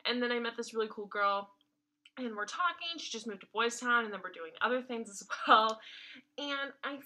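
A woman's voice: fairly high pitch, expressive, moderate pace, sharp tone. A young woman co-hosting a podcast, telling a rambling casual story full of "like" fillers. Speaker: podcast co-host.

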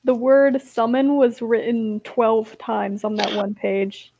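A woman's voice: a little high, takes it slowly, gravelly, dark tone, dry recording. A woman co-hosting a podcast, reading a roleplay aloud in a tired, amused way, laughing often. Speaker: podcast co-host.

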